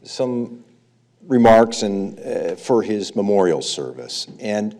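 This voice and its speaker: A man runs an on-stage interview. His voice is low and warm. He sounds reflective as he sets up questions that lead the guest into his stories. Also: sing-song, slow pace.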